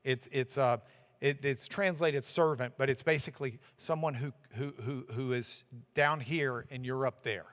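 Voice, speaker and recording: A man teaching a church Bible class, acting out the quoted lines he reads with animated energy. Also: mid-range voice, normal speed, big-room sound.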